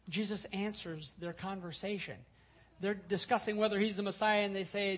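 A man's voice: high-pitched, fairly even intonation, moderate pace, a bit bright. A male pastor teaching a sermon, explaining scripture earnestly and repeating key points for emphasis. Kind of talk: expository sermon.

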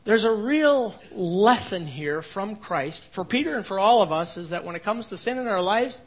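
Male pastor with a high voice, expository preaching, dynamic swings from emphatic to hushed. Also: expressive, normal speed. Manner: swings between emphatic rises and quiet low passages. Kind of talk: expository sermon.

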